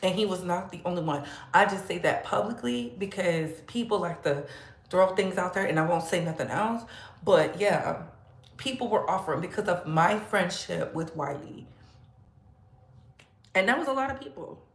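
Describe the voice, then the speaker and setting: A woman's voice: moderate pace, echoey room. A woman hosting a casual livestream, talking with sass and frequent laughter. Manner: sassy, laughs often, animated swings in pitch. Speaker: commentary channel host.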